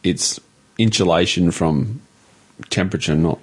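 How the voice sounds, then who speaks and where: A man co-hosting a casual podcast, feeding short questions and quick interjections. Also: low voice, breathy edge. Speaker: podcast co-host.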